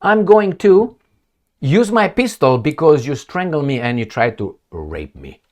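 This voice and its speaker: A man putting on a high-voiced defiant woman. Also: wildly swooping pitch, takes it slowly, a bit bright, exaggerated voice. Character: frightened woman defending herself with a pistol.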